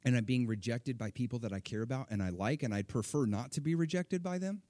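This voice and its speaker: Animated man preaching a story, dry sound. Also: medium pitch, fast talker, dry recording. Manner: animated, acts out quoted voices. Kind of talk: sermon storytelling.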